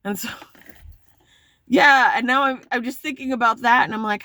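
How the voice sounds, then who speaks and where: A woman's voice: on the high side, steady tone, moderate pace, long pauses, pushed and bright, no room sound, studio quality. A woman talking casually to camera in a vlog, rambling and self-critical, swearing freely. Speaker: vlogger.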